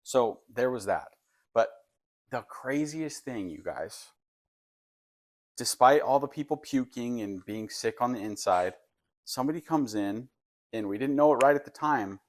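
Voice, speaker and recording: A man's voice: mid-range voice, lively intonation, unhurried. A young man co-hosting a podcast, chatting casually with slangy, joking asides. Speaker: podcast co-host. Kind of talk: casual chat.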